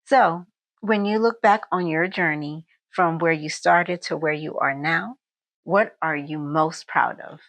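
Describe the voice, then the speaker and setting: A woman's voice: low voice, measured pace, fairly bright tone. A woman hosting an interview who keeps affirming her guest and echoes her words. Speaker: podcast host.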